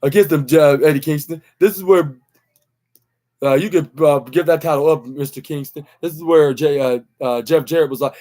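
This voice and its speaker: A man's voice: a little high, moderate pace, dark tone. A young man hosting a podcast, recapping a wrestling show in a rambling, casual way, full of fillers and restarts and acting out the lines he quotes. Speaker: podcast host.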